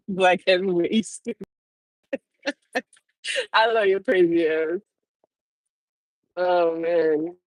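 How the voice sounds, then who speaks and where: A woman's voice: lowish voice, little pitch movement, very slow, long pauses, a little mellow, no echo, low-quality recording. A woman hosting a casual livestream, talking loosely with her chat, swearing freely and laughing often. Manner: loose, profane, laughing, talks back to chat. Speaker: trucker livestream host.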